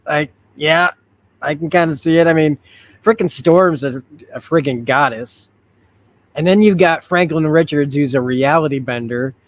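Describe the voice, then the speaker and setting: A man's voice: fairly high pitch, moderate pace. A man hosting a comic book show, chatting casually and reading the comic aloud, with lots of fillers. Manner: chatty, filler-heavy, laughs at himself. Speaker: host.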